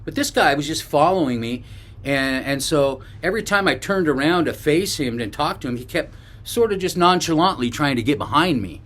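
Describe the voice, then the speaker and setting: A man's voice: on the high side, animated, normal speed, fairly bright tone. A man from northern California, a bikepacking vlogger, telling a story to camera in a loose, rambling way with restarts and asides.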